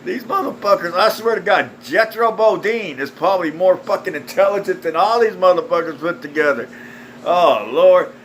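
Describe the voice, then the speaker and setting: A man's voice: high voice, moderate pace, fairly bright tone, slight background noise, poor audio. A man delivering a blunt, foul-mouthed, scornful rant straight to camera. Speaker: video ranter. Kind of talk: angry profane rant.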